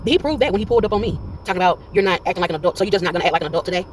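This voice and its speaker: A man in his forties talks straight to his viewers, reliving an ordeal with energy. His voice sits high for a man and the words tumble out at a fast clip. He gives each quoted line its own delivery as the story builds. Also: a little hiss or hum, rough recording. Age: 40s. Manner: animated retelling that acts out quoted dialogue. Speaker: vlogger. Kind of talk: casual storytelling vlog. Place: in a parked car.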